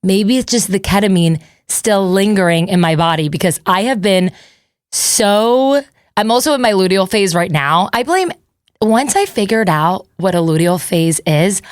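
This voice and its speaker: A woman's voice: mid-range voice, dry recording, clean studio sound. A woman in her thirties hosting a podcast, rambling and self-deprecating in casual chat. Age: 30s. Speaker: podcast host.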